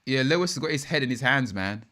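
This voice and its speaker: A young man hosting a live race watch-along, reacting in an excitable, slangy way and chatting with viewers. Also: mid-range voice, quick pace. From United Kingdom. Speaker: live stream host.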